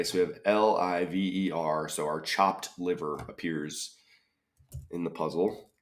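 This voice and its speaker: Slow, low-voiced man thinking aloud. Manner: muses tentatively, trailing off with questions. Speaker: crossword solver. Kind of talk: thinking-aloud puzzle solve.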